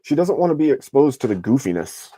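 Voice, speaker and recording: A man with a mellow, warm voice teases his friends on a stream panel, his pitch leaping all over as he exclaims. The sound is close and dry, with no room around it. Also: big pitch swings, fast talker, husky, no room sound. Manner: teasing, exclaims, swears, laughs. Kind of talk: casual chat on a live stream panel.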